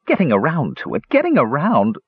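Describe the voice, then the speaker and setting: A man voicing a furious, starving male squirrel who is caged and sharp-tongued, with shrill, indignant chattering. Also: wildly swooping pitch, brisk, husky, no room sound, heavily acted. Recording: dull lo-fi recording.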